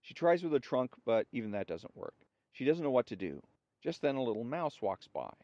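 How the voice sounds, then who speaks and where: A man with a voice of average pitch reads jokes aloud as a show's host. He tells them in a relaxed storytelling way and acts out the lines. The recording is dry and somewhat dull. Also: a little fast, dry recording.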